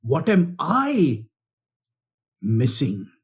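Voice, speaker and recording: A man voicing a proud king from a told tale, who gives commands and questions himself slowly. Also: mid-range voice, wildly swooping pitch, breathy edge, pitched below the performer's own voice, exaggerated voice. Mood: brooding.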